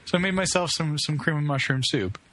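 A man's voice: a little high, brisk, fairly bright tone. A man co-hosting a casual podcast, rambling through a story with many restarts. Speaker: podcast co-host. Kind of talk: casual chat.

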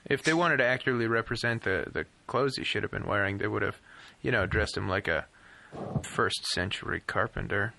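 Bright-voiced, wordy, arguing man. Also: lowish voice, brisk, creaky, a little hiss or hum. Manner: argumentative, wordy, profane. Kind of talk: casual movie-review chat.

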